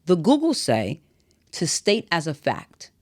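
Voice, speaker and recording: A man with a fairly high voice talks through a solo podcast episode. He speaks bluntly and without sugarcoating, in the uplifting cadence of a motivational preacher. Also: huge pitch swings, a little slow. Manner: blunt, direct, self-described as not a soft speaker; sermon-like, motivational. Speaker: podcast host.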